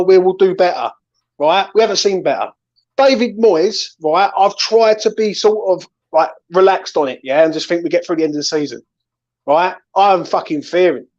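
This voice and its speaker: A man hosting a fan channel, ranting and swearing in an angry chat after a match. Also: sits high. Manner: ranting, swearing, keeps saying "right?" and "mate". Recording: slightly dull lo-fi sound.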